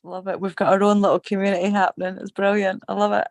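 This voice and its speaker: A middle-aged woman from Scotland with a Scottish accent softened by a slight Australian twang, chatting in an upbeat way and swearing casually. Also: mid-range voice, little pitch movement, fast, no echo. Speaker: group call participant. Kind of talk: casual chat.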